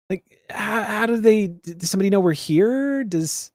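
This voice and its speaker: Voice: mid-range voice, expressive, a little slow, no room sound. Game master, tabletop game, dry close sound, musing, questioning, laughing. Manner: musing aloud, full of questions and small laughs.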